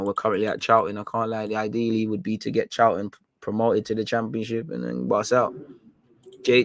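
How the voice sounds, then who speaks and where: Man, live-stream host, casual slangy chat, mid pitch, dry close sound. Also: no room sound. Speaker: fan channel host. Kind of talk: live-stream chat reading viewer comments.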